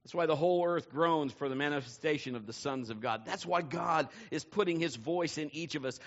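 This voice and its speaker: Animated high-pitched preacher man, dull lo-fi sound. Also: fairly quick, few pauses. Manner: animated storytelling, building to shouts. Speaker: pastor. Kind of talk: sermon.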